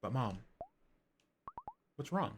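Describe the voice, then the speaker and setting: A man voicing an earnest grown daughter talking gently with her mother in a video game, over game music. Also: mid-range voice, very animated, takes it slowly, background noise.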